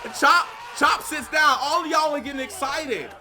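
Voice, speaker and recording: Excitable man retelling a match story, high bright voice, faint music in the back. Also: a little fast, hardly any pauses, crowd noise. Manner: animated storyteller, acts out quotes. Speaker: podcast co-host. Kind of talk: casual recap chat.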